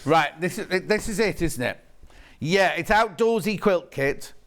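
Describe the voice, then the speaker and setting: On a live shopping broadcast in a TV studio, a man speaks a little slowly in a high-pitched, animated, fairly bright voice. He shows off each fabric in turn and reads viewer messages while chatting.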